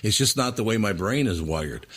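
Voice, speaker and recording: Husky, low-voiced middle-aged host. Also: male voice, animated, normal speed, fairly bright tone. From Minnesota, US. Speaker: radio and podcast host. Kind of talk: casual chat.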